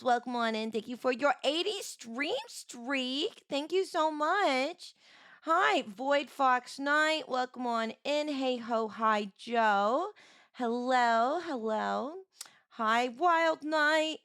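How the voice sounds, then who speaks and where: A woman streamer with a sore, hoarse voice, greeting chat viewers one by one and chatting casually on a live stream. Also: high-pitched, lively intonation, takes it slowly, fairly bright tone, dry recording, clean studio sound.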